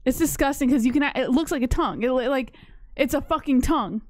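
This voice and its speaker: A woman co-hosting a stream in casual chat, blunt and quick to dismiss things as gross. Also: high-pitched, a little mellow, no echo. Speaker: stream co-host.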